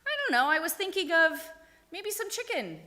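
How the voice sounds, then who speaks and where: A woman's voice: very high-pitched, very animated, moderate pace, bright, forceful tone, voice pushed up, exaggerated voice. A woman doing a patient, clever old-school teacher. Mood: playful. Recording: echoey hall.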